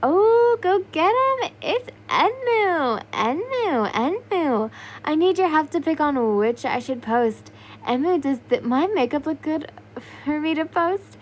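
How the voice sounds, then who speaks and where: A woman's voice: high voice, big pitch swings, takes it slowly, slight background noise, voice pushed up, full character voice. A woman voicing a crowd of shrieking teenage fangirls in a listener audio story, squealing and pushy. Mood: excited.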